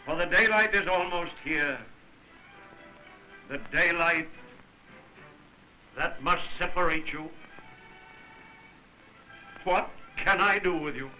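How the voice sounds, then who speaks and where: An actor playing a wry, teasing older gentleman who chides the young people with a fond air in a 1930s film. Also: on the high side, slow, pauses often, full character voice, low-quality recording. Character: older man, wry fatherly uncle figure. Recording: 1930s film soundtrack with music.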